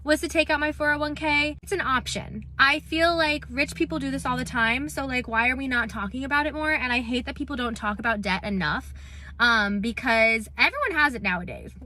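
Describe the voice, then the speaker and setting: A woman talking giddily and excitably in a casual vlog. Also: high voice, brisk. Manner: giddy, excitable.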